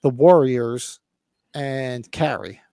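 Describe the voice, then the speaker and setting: A man in his fifties co-hosting a casual livestream podcast, excited, swearing freely and acting out movie lines. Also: mid-range voice, takes it slowly, gravelly, clear, resonant tone, no echo, clean studio sound. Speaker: podcast co-host.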